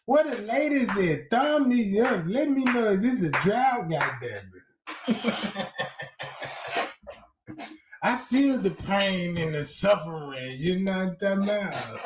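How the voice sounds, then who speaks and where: Slow, mocking man in an echoey room. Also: high voice, animated, noisy background. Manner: mocking, profane, drawn-out delivery. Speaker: livestream host. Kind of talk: crude comedic commentary.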